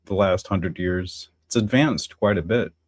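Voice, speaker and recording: A man with a low voice speaks a little slowly on a dry recording. As the host of a casual solo livestream, he rambles and reflects philosophically, using many fillers and restarts and talking chattily to his viewers.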